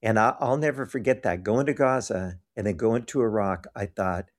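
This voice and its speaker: A man's voice: fairly low pitch, normal speed, few pauses. A man telling stories in an interview, earnest and emphatic, acting out the people he quotes. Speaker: guest telling ministry stories. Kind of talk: animated storytelling interview.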